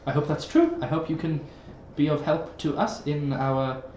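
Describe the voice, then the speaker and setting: A man's voice: moderate pace, a little mellow, echoey room, highs cut off, slight background noise, natural voice. A man voicing a nervous bearded wizard who stammers and apologizes. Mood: flustered. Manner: stammering, apologetic, high and fluttery.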